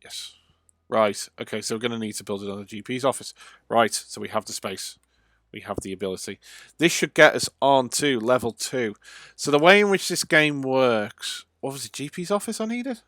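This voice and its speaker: A man talking over a live video game stream, loose and chatty, pausing often with ums and uhs. His voice sits at an ordinary middle pitch. The sound is dry and close, with no room echo. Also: fairly bright tone. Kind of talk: casual let's-play livestream commentary.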